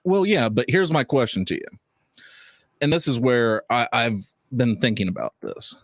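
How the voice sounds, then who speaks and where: A man's voice: mid-range voice, moderate pace, no room sound. A man who is a guest on a casual podcast, chatting easily and pushing back earnestly on the host. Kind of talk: casual chat.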